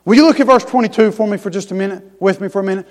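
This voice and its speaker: High-voiced preacher in a reverberant hall. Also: male voice, racing. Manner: swings between hushed tender lines and loud rising emphasis; folksy, down-home phrasing. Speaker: pastor. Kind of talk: sermon. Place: church sanctuary.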